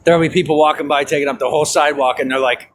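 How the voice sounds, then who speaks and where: A man's voice: fairly high pitch, steady tone, racing, rough recording. Guy vlogging while he walks down a city street, blunt and chatty, cusses a lot, faint street noise behind. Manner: chatty, blunt, swears freely. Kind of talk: casual walking vlog.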